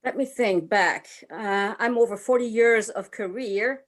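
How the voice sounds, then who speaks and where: A woman's voice: medium pitch, unhurried. An older woman from France with a French accent, a burlesque performer chatting as a guest on a video call interview.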